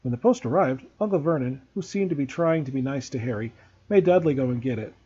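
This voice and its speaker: A man, a teacher, reading a novel aloud to students in a steady, expressive way. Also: medium pitch, quick pace, husky, muffled recording.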